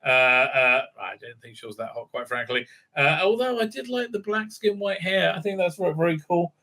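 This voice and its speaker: A man's voice: fairly high pitch, lively intonation, normal speed, sharp tone. A man giving a casual, rambling spoken review full of fillers and restarts, acting out lines from the show as he goes. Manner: rambling, many fillers and restarts, acts out quotes. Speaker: video reviewer.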